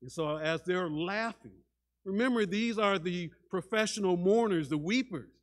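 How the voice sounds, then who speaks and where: A man preaching a sermon as a pastor, dramatic, shifting between loud and hushed delivery and often repeating words as he starts a sentence. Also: sits high, normal speed. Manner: dramatic, acts out quoted voices, swings between loud and hushed.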